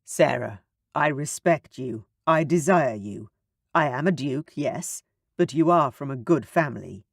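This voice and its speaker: A man voicing an earnest young duke in an audiobook, firm and measured. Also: medium pitch, expressive, vocal fry, no echo, studio quality. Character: brooding young duke, proud and intense. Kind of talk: audiobook character voice.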